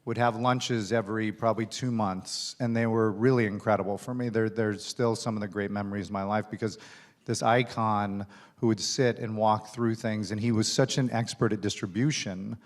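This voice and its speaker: A man's voice: on the low side, fairly even intonation, normal speed. A man speaking as the guest at a conference keynote, telling a long career anecdote in a self-deprecating, chatty way with frequent fillers. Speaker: studio executive, keynote guest. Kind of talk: onstage conversation, storytelling. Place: conference stage.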